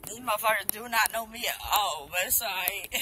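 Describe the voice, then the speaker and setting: Tipsy young woman, bright voice. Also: mid-range voice, normal speed, a little hiss or hum, low-quality recording. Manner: profane, loose, laughing, drunk banter. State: drunk. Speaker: vlogger. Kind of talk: casual rambling selfie vlog. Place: outdoors by a busy road.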